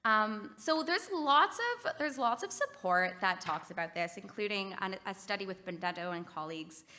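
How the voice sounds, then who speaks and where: A woman's voice: mid-range voice, expressive, normal speed, pushed and bright. A woman with a Canadian accent giving a conference talk on music therapy, upbeat and encouraging as she leads the audience through exercises. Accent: Canadian English. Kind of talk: conference presentation. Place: conference hall.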